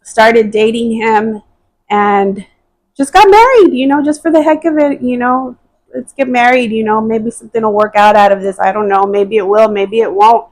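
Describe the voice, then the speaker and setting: A woman's voice: fairly high pitch, steady tone, normal speed, darkish tone, rough recording. A woman telling her personal testimony as a podcast guest, speaking hesitantly and earnestly, with frequent fillers and restarts.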